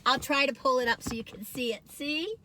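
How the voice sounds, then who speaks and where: A woman's voice: high voice, brisk, sharp tone. A woman chatting casually in a taste-test vlog, bubbly and giggly, full of chatty asides. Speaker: food review vlogger.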